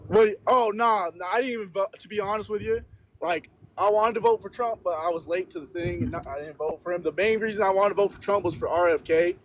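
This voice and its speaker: A man in a car passenger seat calling in on his phone, talking in relaxed slang and swearing. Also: high voice, fast talker, a little hiss or hum, rough recording. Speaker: caller. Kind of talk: casual call-in chat.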